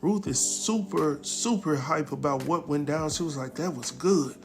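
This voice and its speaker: A man casually recapping a TV episode, acting out the characters' lines in a lively, slangy way. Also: on the high side, moderate pace, gravelly, faint music behind. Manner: animated storyteller, acts out quotes, slangy. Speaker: TV recap host.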